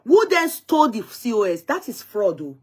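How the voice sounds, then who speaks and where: A woman's voice: a little high, very animated, normal speed. A woman hosting a live-stream talk show, speaking in an emphatic, indignant way and often repeating herself as she recounts a dispute. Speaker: host of an online talk show.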